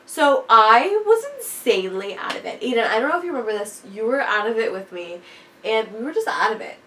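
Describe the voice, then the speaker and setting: A woman's voice: on the high side, very animated, fairly quick, a bit bright. A young woman chatting casually and telling a story to a friend. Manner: chatty, reacts with short "yeah"s. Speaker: podcast co-host. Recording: distant mic, faint hiss.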